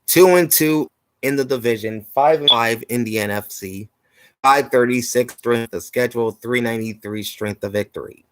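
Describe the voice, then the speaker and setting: A man's voice: medium pitch, normal speed, dry recording, rough recording. Man reading sports standings, dry. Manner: steady listing of numbers, slightly tired. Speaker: host.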